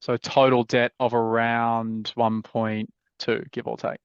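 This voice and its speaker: Hosting a live property mentorship call, this Australian man offers blunt, easygoing advice in a casual chat, cursing without restraint. He speaks slowly and smoothly at a mid-range pitch with little variation. The video-call audio is dull and dry, free of echo.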